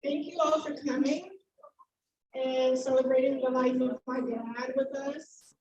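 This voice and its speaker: A young woman giving a nervous, heartfelt vote of thanks at her father's memorial, speaking in a halting way. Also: high-pitched, steady tone, a little mellow, dull audio. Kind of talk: emotional memorial speech. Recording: roomy sound from a distant mic.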